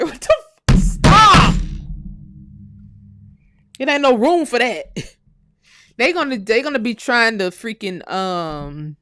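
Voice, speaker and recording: In a slightly high voice, captured cleanly in the studio with no room sound, an American livestream host reads comments from viewers and talks back to them. She is blunt and animated, swears freely, and addresses everyone as "y'all."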